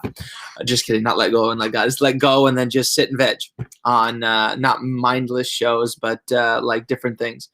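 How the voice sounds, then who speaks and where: A young adult male pastor giving a casual devotional talk, telling a story with lively, rambling restarts. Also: mid-range voice.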